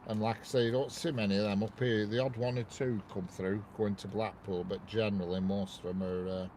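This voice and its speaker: A man's voice: on the low side, flat delivery, brisk, darkish tone, slight background noise. A man from the north of England, chatting casually on a live stream from his parked car and greeting viewers by name in a rambling way. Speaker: railway livestreamer. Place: parked car near a railway bridge. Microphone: wireless clip-on mic inside car.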